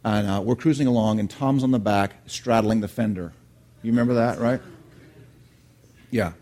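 A middle-aged pastor preaches a sermon in a fairly low voice at normal speed. He tells a lively childhood story and asks the congregation questions along the way.

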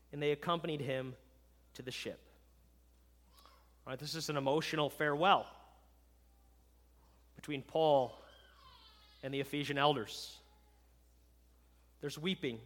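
A man who is a pastor, preaching a farewell sermon with emphasis, moving from loud declarations to hushed words and often checking in with "right?". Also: a little high. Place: church sanctuary. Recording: long reverb of a large hall.

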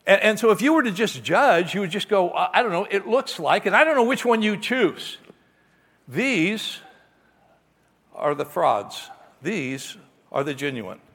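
A middle-aged man preaching a sermon, telling a story about himself in an animated, self-mocking way. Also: sits high, unhurried, long pauses, slightly rough. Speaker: pastor. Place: church hall. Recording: long hall reverb.

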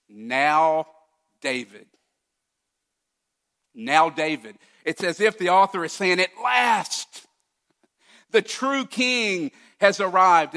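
A male pastor preaches a sermon with emphatic delivery, swinging between loud declarations and hushed asides. His voice is a little high.

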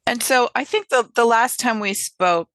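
A woman's voice: a little high, normal speed, a bit bright. A woman from North America hosting an interview, chatty and enthusiastic, repeating herself as she talks. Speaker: podcast host, interviewer. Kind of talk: casual interview chat.

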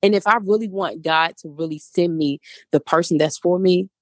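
A woman's voice: on the low side, moderate pace, dry recording, studio quality. A woman in her thirties, a life coach guest, speaking earnestly in a preacherly way and repeating phrases for emphasis. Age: 30s. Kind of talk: casual interview talk.

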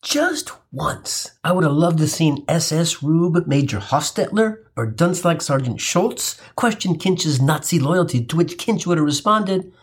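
Brief: husky irreverent male raconteur, animated pitch, cursing for laughs. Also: unhurried, hardly any pauses. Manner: irreverent, profane, wry asides. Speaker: storyteller. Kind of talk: comic personal storytelling.

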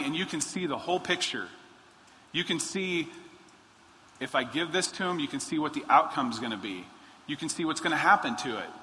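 A man preaching a sermon, animated, acting out quoted pleas in a raised voice. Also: on the high side. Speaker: pastor. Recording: long hall reverb, faint noise.

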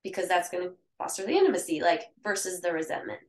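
A woman co-hosting a podcast in casual chat, telling candid, lively stories. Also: fairly low pitch, fast. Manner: candid, animated storytelling. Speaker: podcast co-host. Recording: echoey room.

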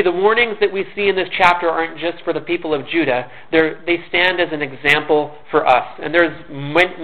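A man delivers a sermon in a slightly high voice, earnest and conversational, now and then stumbling over and repeating a word. The recording is thin and narrow, like a phone line. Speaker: pastor. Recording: tinny phone-like sound.

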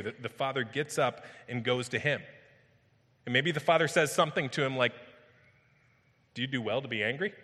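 A man's voice: medium pitch, bright, forceful tone. A man preaching a sermon as pastor, retelling scripture emphatically and vividly, often repeating his phrases. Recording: long hall reverb.

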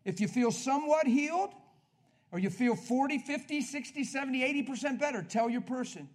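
A man preaching at a healing service in an energetic, conversational way, coaching the congregation with quick questions. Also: extremely high pitch. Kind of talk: sermon.

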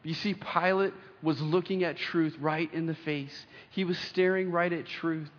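A young adult man preaching a sermon in a church, reading scripture aloud with earnest emphasis and pauses. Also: fairly high pitch, steady tone. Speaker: pastor. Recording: dull lo-fi sound with long hall reverb.

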